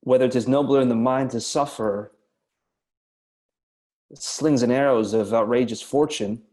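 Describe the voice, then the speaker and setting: A brooding young prince torn between living and dying, spoken by a man reciting verse. The lines come out measured and deliberate, with ordinary pitch, as in a classical recitation. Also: darkish tone, close to an everyday voice. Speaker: actor in a masterclass.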